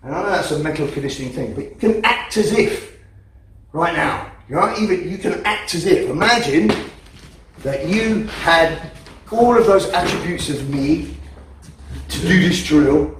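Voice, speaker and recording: A man's voice: fairly high pitch, lively intonation, unhurried, background noise. A man teaching a self-defense class in a training hall, blunt and profane, driving his points home with emphasis. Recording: echoey hall from a distance.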